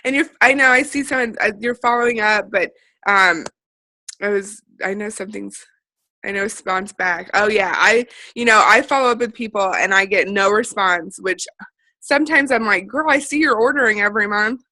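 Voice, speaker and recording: A woman from central Illinois speaks as a guest on a video call for a sales team. Her voice is bright and forward, and the sound is dry and close. She is chatty and keeps slipping into little acted-out conversations. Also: mid-range voice, normal speed, no room sound, poor audio. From central Illinois, USA. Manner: chatty, acts out quoted conversations.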